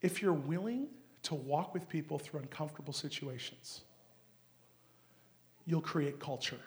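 A man preaching a sermon in an earnest storytelling manner that rises to shouts. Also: fairly high pitch, measured pace.

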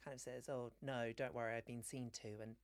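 Man, podcast guest, casual storytelling, laughs between lines, mid pitch, dry studio sound. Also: level tone, fairly quick, no echo. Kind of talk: casual chat, anecdote.

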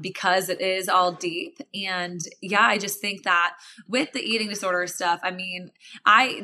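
A woman's voice: mid-range voice, pushed and bright, a little hiss or hum. A young woman in her twenties or thirties, a podcast guest talking casually and animatedly, acting out her past self in quoted asides and swearing casually. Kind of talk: casual interview chat.

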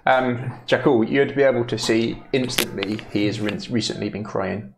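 A man narrating as game master in a relaxed, animated way, recorded in an echoey room. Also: mid-range voice, normal speed, a crowd in the background. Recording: echoey room, faint noise.

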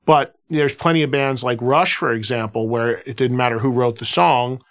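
A man's voice: mid-range voice, normal speed. A man who hosts a radio show, telling anecdotes in a loose conversational way, often restarting and filling with "you know.". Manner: animated anecdotal telling, filler-heavy with restarts. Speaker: radio host. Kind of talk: casual conversational storytelling.

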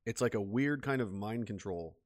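A man with a lowish, animated voice rants solo for his vlog at normal speed. He swears freely and sounds bitter and heated, going over the same points repeatedly.

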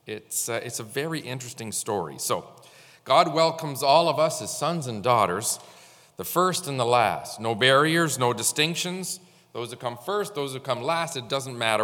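Male pastor, mid-pitched, unhurried sermon with many filler pauses, long church reverb. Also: fairly bright tone. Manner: halting, with frequent fillers.

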